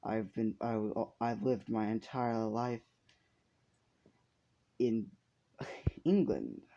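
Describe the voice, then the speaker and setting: A man's voice: on the low side, steady tone, drawn-out words, gravelly, warm tone, heavily acted. Man doing a blunt young Englishman out of time. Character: young man from 1800s England, blunt and irritable. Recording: dull lo-fi recording.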